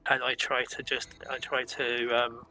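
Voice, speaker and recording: A man's voice: mid-range voice, completely flat delivery, a little slow, music in the background, rough recording. A man, a player in a tabletop role-play, talking earnestly with stammered repeats.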